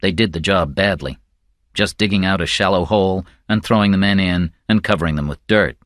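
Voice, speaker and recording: A man with a low voice narrates a story in a slow, measured, somber manner. The sound is dry and close, with no room around it. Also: fairly bright tone, no room sound. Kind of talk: scripted audiobook narration.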